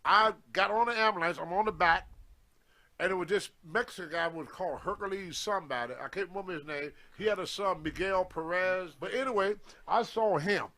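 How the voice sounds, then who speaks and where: A man's voice: high-pitched, a little fast. An older man, telling a wrestling story casually and acting out the lines of the people in it. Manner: animated anecdote, acting out quoted lines. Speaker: guest storyteller on a wrestling show.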